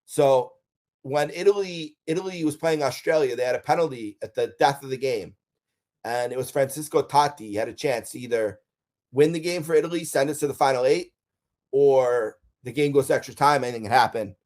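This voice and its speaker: A middle-aged man from Buffalo talks through a countdown of personal memories in a casual monologue. He sounds eager and chatty, with a mid-range pitch and plenty of filler sounds between thoughts. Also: fairly quick, darkish tone. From Buffalo, USA. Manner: enthusiastic storyteller, frequent ums and uhs.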